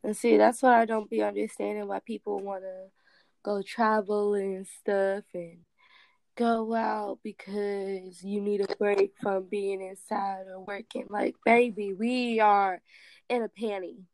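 A woman's voice: mid-range voice, level tone, measured pace, vocal fry, a little mellow, no room sound. A young woman co-hosting a podcast, chatting expressively and laughing a lot. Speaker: podcast co-host. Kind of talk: casual chat.

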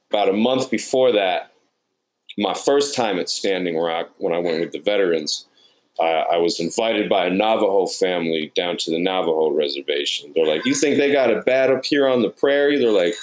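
A man's voice: on the low side, poor audio. A man, a production sound mixer, recounting his experiences in an interview and acting out the people he met in quoted dialogue. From New York. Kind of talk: interview storytelling.

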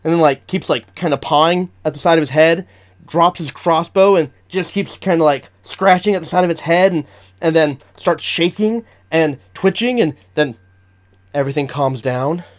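A man's voice: a little high, normal speed. A man running a tabletop game as game master, narrating the action vividly and chatting with frequent fillers.

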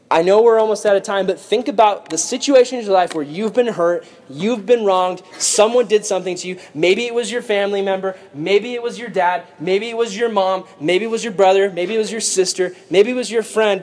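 A man preaching a sermon, retelling a Bible story with lively acted-out voices and frequent laughter. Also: high voice. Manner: animated, acts out voices, laughs often.

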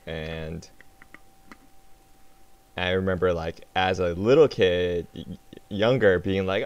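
A man's voice: low-pitched, steady tone, normal speed, long pauses, smooth, muffled recording. A man in his thirties, a guest artist on a podcast, talking casually and hesitantly with many ums. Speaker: guest comic book artist.

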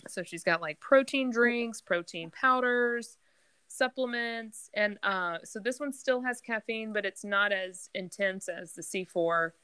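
A woman's voice: medium pitch, a little slow, bright, forceful tone, clear, resonant tone, no room sound. A woman co-hosting a podcast from her home, chatting enthusiastically and telling a story with plenty of fillers. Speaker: podcast co-host. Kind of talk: casual chat. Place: at home near the kitchen.

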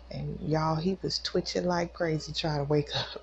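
Low, gravelly-voiced woman giving emotional testimony. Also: fairly even intonation, normal speed. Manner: emotional, talks straight to listeners. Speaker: podcast host, mother. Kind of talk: personal testimony. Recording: dull lo-fi recording with faint noise.

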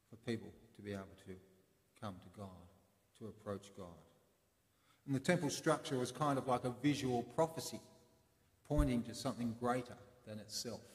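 Preacher in a reverberant church. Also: male voice, fairly low pitch. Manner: conversational, explanatory preaching with pauses. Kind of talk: sermon. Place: church in Sydney. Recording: echoey church with long reverb.

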